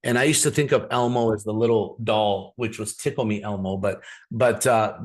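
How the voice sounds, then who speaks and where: A man's voice: on the low side, fairly even intonation, moderate pace. A man giving a live business training over a video call, speaking directly to his audience and telling stories, often repeating words as he restarts sentences. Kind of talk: live online training presentation.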